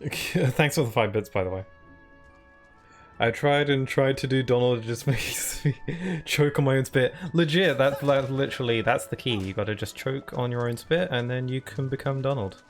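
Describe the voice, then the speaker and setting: A man's voice: mid-range voice, moderate pace. A man giving rambling, chatty live-stream commentary while he plays, often laughing at himself. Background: faint game music.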